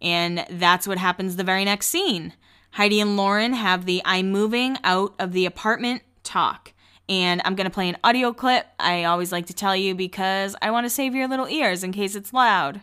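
A woman's voice: mid-range voice, normal speed, bright, forceful tone, clean tone. A woman hosting a casual recap podcast, talking in a chatty, gossipy, playful way. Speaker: podcast host.

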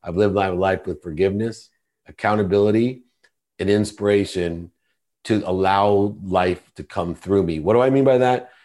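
Middle-aged male podcast guest with a lowish voice, earnest and confessional storyteller. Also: moderate pace, darkish tone. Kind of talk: personal storytelling in conversation.

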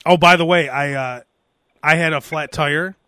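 A man with a high, light voice hosts a casual podcast and tells lively comic stories. He is recorded close and dry, with no room around him. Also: moderate pace, smooth, no echo. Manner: animated storytelling, mimics voices. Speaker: podcast host. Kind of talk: casual comedic chat.

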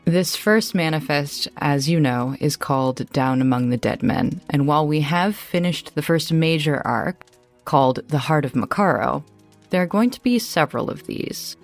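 Low-voiced woman narrating a tabletop game. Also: animated, normal speed, soft background music. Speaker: game master.

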